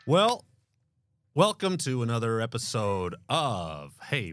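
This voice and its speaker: An American man hosting a podcast in casual chat, with wry, deadpan humor. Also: fairly low pitch, moderate pace, no echo, faint music behind. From United States. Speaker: podcast host.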